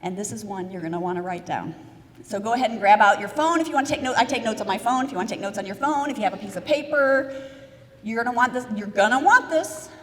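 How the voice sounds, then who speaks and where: An American woman giving a lively live keynote speech, telling a story and questioning and directing her audience. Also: on the high side, fast talker. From United States. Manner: energetic storyteller, asks audience questions, gives instructions. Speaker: motivational keynote speaker. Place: large event hall with audience. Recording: reverberant hall sound.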